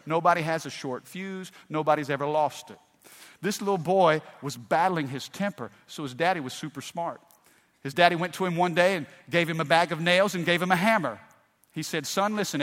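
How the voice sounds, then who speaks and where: A middle-aged man preaching a sermon, telling folksy stories and swinging from hushed to loud. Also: on the high side. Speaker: pastor. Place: large church hall. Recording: long hall reverb.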